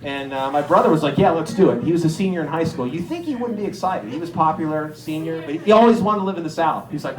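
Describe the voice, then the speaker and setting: Animated stand-up comic man, echoey room. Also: fast talker, few pauses. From Erie, Pennsylvania. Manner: animated, acts out characters with jumps in pitch. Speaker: stand-up comedian. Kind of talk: stand-up storytelling.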